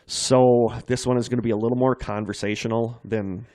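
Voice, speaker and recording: A man's voice: medium pitch, little pitch movement, fairly quick, dark tone, no room sound, clean studio sound. A man co-hosting a podcast in casual chat, rambling and self-deprecating as he tells stories. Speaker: podcast co-host.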